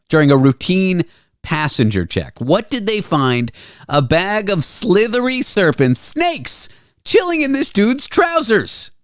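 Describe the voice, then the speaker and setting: A man's voice: on the high side, dry recording. Jokey guy hosting a comedy show, voice bounces all over, dry close sound. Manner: playful and jokey, with bouncy exaggerated delivery. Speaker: radio show host. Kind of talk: comic monologue.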